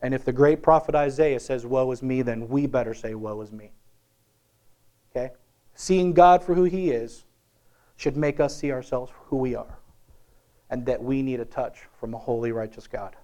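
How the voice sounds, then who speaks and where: A man preaching a sermon, swinging from loud dramatic bursts to hushed asides and asking his listeners questions. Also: mid-range voice, steady tone, normal speed. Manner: asks the listeners questions often. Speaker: pastor.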